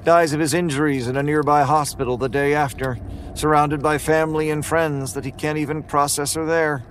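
Man, first-person horror narration, flat, weary, grim, faint noise. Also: on the high side, brisk.

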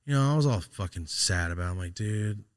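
A podcast host with a low, smooth voice tells a story casually and at rapid-fire speed, swearing and laughing as he goes in an animated way. The recording is clean studio sound with no echo.

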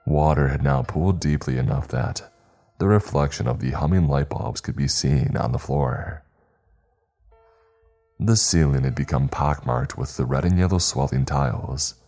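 A man with an extremely low, deep voice narrates a horror story in a measured, steady way. Faint music hums quietly beneath his reading.

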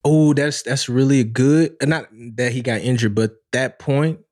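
A man's voice: mid-range voice, a little slow, a little mellow. A man interviewing in a casual podcast chat, encouraging and affirming, asking leading questions.

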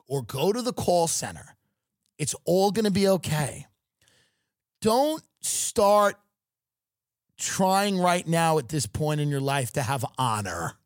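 A man's voice: fairly high pitch, no room sound. Brief: man, sarcastic swearing comedian, riffing, dry close recording. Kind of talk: comedic rant.

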